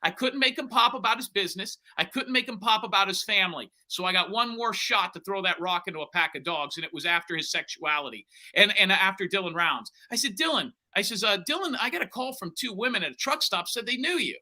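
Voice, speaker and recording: Blunt, bright-voiced male investigator. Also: high-pitched, animated, fast talker, few pauses. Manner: blunt, acts out quoted dialogue. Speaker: private investigator. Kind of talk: animated storytelling interview.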